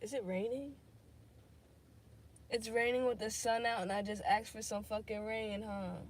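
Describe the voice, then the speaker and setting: A woman's voice: on the high side, fairly even intonation, normal speed. A young woman hosting a casual podcast livestream, rambling and swearing as she thinks aloud, with lots of fillers. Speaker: podcast host.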